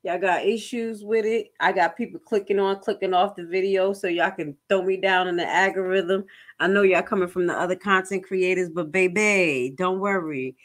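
A woman's voice: lowish voice, steady tone, moderate pace. A woman doing reaction commentary, blunt and profane, mocking what she watches with dramatic bursts of disgust. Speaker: commentary vlogger.

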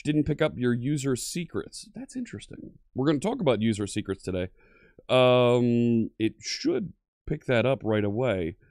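A man's voice: mid-range voice, a little mellow, no echo, clean studio sound. A man hosting a live-streamed coding lesson, upbeat and friendly, greeting viewers one by one from the chat. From Pennsylvania.

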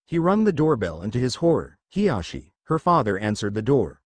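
A man's voice: mid-range voice, sing-song, normal speed, dry recording. A man reading fan fiction aloud as narrator. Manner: reads all the figures himself. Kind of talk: story narration.

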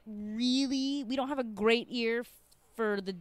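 Smooth-voiced American woman hosting. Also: fairly high pitch, dry recording. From United States. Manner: animated, jokey, quick asides. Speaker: podcast host. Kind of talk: casual chat.

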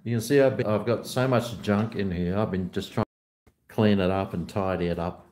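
A man chatting casually on a home vlog, talking to his dog in a high sing-song voice at times. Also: fairly quick, darkish tone, reverberant, faint music behind. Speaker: vlogger. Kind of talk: casual chat to camera. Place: at home near a garage.

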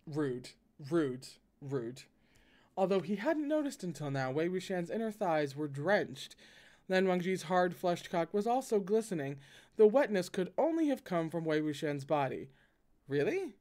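A man reads a novel aloud in a casual way, stopping often for wry, joking asides. His voice sits a little high for a man. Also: sing-song, moderate pace, darkish tone. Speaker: host reading a novel aloud. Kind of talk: casual read-aloud with commentary.

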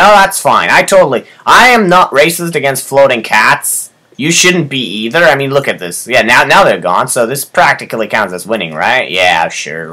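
Young guy narrating his game, bright voice, all over the place pitch-wise, cusses a lot. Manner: excitable, swears often, yelps at surprises. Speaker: let's player. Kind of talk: gameplay commentary.

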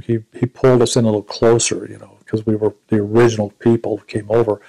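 A gravelly man in his 70s, a Vietnam War veteran being interviewed, recounts personal memories in a lowish, level, warm voice. His storytelling is reflective and halting, with frequent restarts, and the audio quality is poor.

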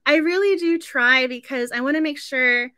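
Bright high-voiced chatty woman host. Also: moderate pace, dry recording, clean studio sound. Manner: chatty and effusive, laughs often. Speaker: book club host. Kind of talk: casual live-stream chat.

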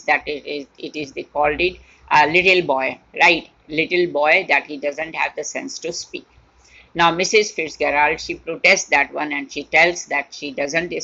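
A woman's voice: low voice, creaky, sharp tone. A woman teacher explaining a play to her class line by line, repeating and rephrasing as she goes. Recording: dull lo-fi recording.

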